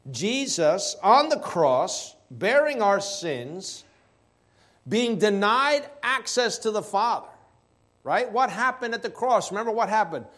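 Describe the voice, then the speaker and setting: A man preaching a sermon, stressing key words slowly and asking rhetorical questions. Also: sits high, very animated, fairly bright tone.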